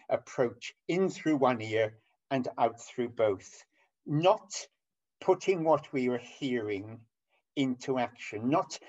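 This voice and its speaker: Older male preacher, slow and halting, muffled lo-fi audio. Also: mid-range voice, darkish tone. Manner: halting, with many ums and restarts. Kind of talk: sermon over an online call. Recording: dull lo-fi audio.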